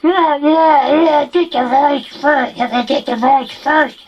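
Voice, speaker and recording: A man switching into a high falsetto register while he explains a vocal technique. The sound is dull and lo-fi, like an old camcorder recording. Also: takes it slowly. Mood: explaining. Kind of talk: instructional demonstration.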